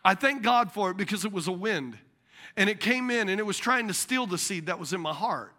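High, bright-voiced animated preacher. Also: male voice, brisk. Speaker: pastor. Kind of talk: sermon.

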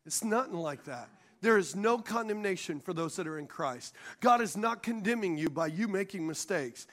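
High-voiced pastor preaching a lively sermon. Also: male voice, normal speed. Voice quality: high voice for a man. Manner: preaching with call-and-response and jokes. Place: church sanctuary.

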